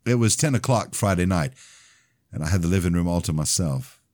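A man narrating his own novel as an audiobook in the first person, in a plain, steady storytelling manner. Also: deep voice, fairly quick, no room sound, studio quality.

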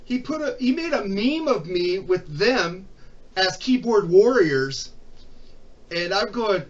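A man's voice: high-pitched, big pitch swings, measured pace, recorded from a distance, muffled recording. A man telling a story in casual chat, swearing often, heated and aggrieved. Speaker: podcast guest.

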